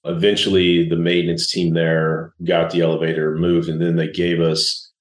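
A man's voice: deep voice, level tone, normal speed, echoey room. A man in his forties, a guest entrepreneur telling blunt, laid-back stories in a casual interview.

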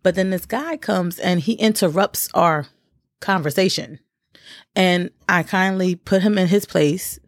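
A woman in her thirties spins a casual storytime, full of slang and sudden high-pitched jumps when she acts out what people said. Her voice has a gravelly fry to it, recorded close and dry with no room sound. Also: measured pace, no room sound. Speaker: vlogger.

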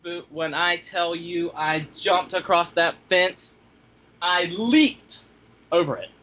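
A man tells pet-sitting stories in a casual chat, acting out his own past reactions with animated energy. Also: high voice, takes it slowly. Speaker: podcast guest telling pet-sitting stories. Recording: slightly dull lo-fi sound.

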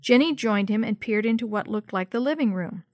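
A woman narrating a children's story in a steady, clear read-aloud style. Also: fairly high pitch, brisk, no echo, studio quality.

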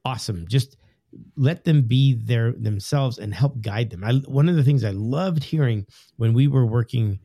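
Man, warm dark tone, slightly husky, earnest, reflective co-host, dry sound. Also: mid-range voice, normal speed, no echo. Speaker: podcast co-host. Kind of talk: casual faith discussion.

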